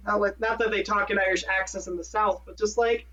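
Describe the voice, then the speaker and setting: A man's voice: high voice, fairly even intonation, fast talker, sharp tone. A man from Minnesota co-hosting a podcast in a casual, rambling chat, often correcting himself and laughing at his own jokes. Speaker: podcast co-host. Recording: distant dull mic.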